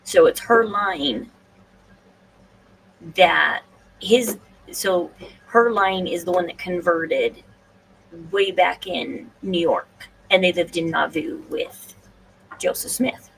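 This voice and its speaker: Casual solo host, female, gravelly voice, rambling and hesitant, recorded from a distance. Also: on the low side, takes it slowly, long pauses, a bit bright. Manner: rambling, hesitant, restarts and fillers. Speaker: podcast host. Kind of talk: casual solo livestream talk. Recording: distant mic, faint room noise.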